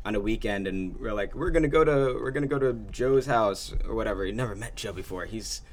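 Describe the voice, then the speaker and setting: A man's voice: on the low side, brisk. A young man in casual chat, rambling with many fillers and laughing often.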